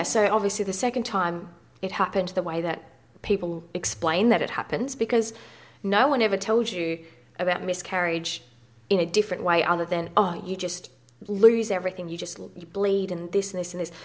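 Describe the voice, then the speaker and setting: A woman in her thirties, appearing as an interview guest, talks frankly and conversationally about personal topics and swears mildly. Her pitch is fairly low and her speed normal.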